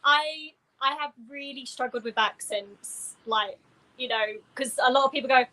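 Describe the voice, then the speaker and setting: A woman's voice: high-pitched, normal speed, over a noisy crowd, rough recording. A woman with an Essex accent, an actor guest in a casual interview, talking candidly and self-deprecatingly. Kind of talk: conversational interview.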